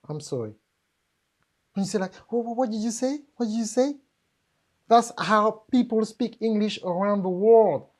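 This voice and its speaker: A business speaker with a French accent gives a live seminar talk, emphatic and joking as she addresses the audience directly. Her voice is mid-range and warm.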